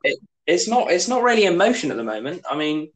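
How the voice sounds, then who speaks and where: A man's voice: high-pitched, big pitch swings, quick pace, fairly bright tone, rough recording. A young man, chatting as a podcast guest, rambling and hesitant with lots of "like". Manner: rambling and hesitant, heavy use of "like". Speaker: podcast guest, skater and drummer. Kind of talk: casual chat.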